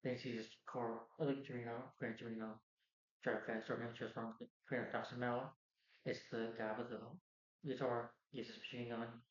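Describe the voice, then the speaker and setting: A man's voice: medium pitch, flat delivery, moderate pace. A man reviewing a movie, retelling the plot in a loose, rambling way full of "you know" and "like". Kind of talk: casual plot recap. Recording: roomy, dull lo-fi sound.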